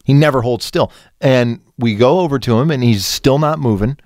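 This is a man co-hosting a comedy podcast, spinning a crude anecdote in an easy conversational way. He gets animated and swears freely, his voice sitting at an average pitch. The sound is close and dry, with no room around it. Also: normal speed, dry recording. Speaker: podcast co-host. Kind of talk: casual comedic storytelling.

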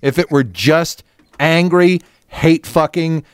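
A man's voice: slow, clear, resonant tone, no echo, studio quality. A man co-hosting a podcast, talking in crude casual banter, rambling with restarts. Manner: rambling, restarts, lively pitch swings. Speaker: podcast co-host.

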